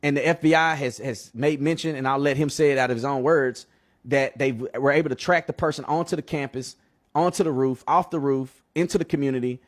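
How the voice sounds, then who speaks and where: Man, official giving a statement, measured delivery. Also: mid-range voice, steady tone. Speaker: official at a press conference. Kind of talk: press statement.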